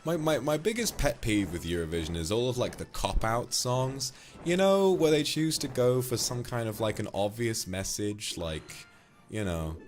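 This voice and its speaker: A man's voice: medium pitch, expressive, soft background music. A man streaming a game, chatting casually, thanking donors playfully and ranting with the odd curse. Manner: reads out donations with quick thanks, playful and flirty; swears freely and gets loud when ranting. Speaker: livestreamer. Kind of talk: casual livestream chat while gaming.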